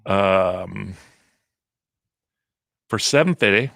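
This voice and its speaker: A man's voice: low-pitched, lively intonation, very slow, vocal fry, fairly bright tone, no room sound, clean studio sound. A man hosting a morning radio show, playful and teasing as he prompts comedy bits. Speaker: radio host. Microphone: studio microphone.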